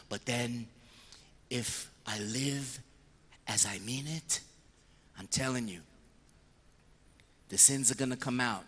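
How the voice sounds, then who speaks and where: A priest giving a lively sermon on confession, acting out penitents and priests in short voices. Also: male voice, mid-range voice, slow pace, pauses often, long reverb tail. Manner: animated storyteller, slipping into voices of penitents and priests.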